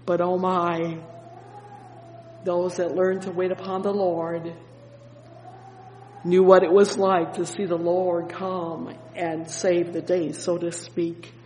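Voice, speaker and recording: Fervent high-voiced preacher in an echoey hall. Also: male voice, level tone, darkish tone, slight background noise. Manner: fervent, peppered with "oh yes" and "praise the Lord"; reads scripture slowly and deliberately. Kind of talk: evening sermon, Bible exposition. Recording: echoey hall with long reverb.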